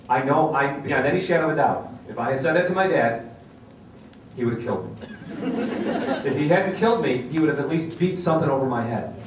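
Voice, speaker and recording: Middle-aged male seminar speaker, animated self-mocking storyteller, recorded from a distance in a reverberant hall. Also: medium pitch, a little hiss or hum. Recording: echoey hall from far off.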